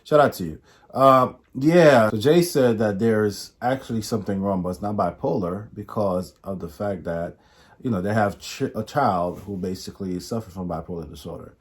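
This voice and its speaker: A young man with a husky, fairly low voice co-hosts a relaxed chat. He chimes in with teasing jokes. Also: moderate pace. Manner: joking, teasing interjections. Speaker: co-host. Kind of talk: casual chat.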